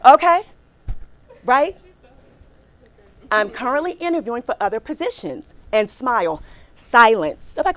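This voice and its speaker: Middle-aged woman, workshop speaker, emphatic, rather high voice, audience in a big hall. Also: very animated, a little slow, long pauses. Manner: emphatic, repeats points, asks the audience "right?" and "okay?"; acts out quotes with a bright smile in her voice. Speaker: career talent sourcer giving a workshop talk. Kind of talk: lively motivational workshop talk to an audience. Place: large room or hall with a live audience.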